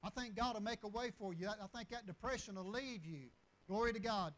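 A man's voice: high voice, fairly quick, fairly bright tone, poor audio. A man preaching and telling stories in a folksy, rambling way, with restarts and chuckles. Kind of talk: storytelling sermon.

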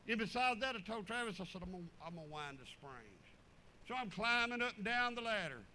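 A man preaching, telling folksy stories in an animated, drawling way. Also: high voice, fairly quick, slight background noise, low-quality recording. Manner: animated, drawling storyteller with chuckles. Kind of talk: folksy sermon storytelling.

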